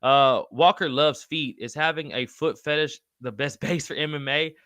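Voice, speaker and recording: Excitable man, bright dry close mic. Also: on the high side, normal speed, clear, resonant tone, no room sound. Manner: excitable, swears freely, calls everyone brother. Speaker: podcast host reading live chat. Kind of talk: casual live-stream chat.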